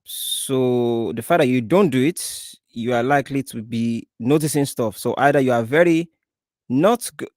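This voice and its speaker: A man's voice: mid-range voice, moderate pace, darkish tone, no echo, studio quality. A man from Africa hosting a reaction video, cutting in with blunt, teasing remarks. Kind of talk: reaction commentary.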